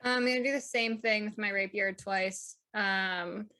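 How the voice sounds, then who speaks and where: A woman playing a tabletop game, blunt and quick to laugh. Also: medium pitch, fairly even intonation, pushed and bright. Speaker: player. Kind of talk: casual tabletop play.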